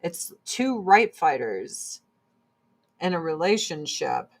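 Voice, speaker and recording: A woman's voice: fairly low pitch, very animated, slow. A woman chatting casually and bluntly while doing her makeup, swearing freely as she gives her opinions. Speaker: streamer.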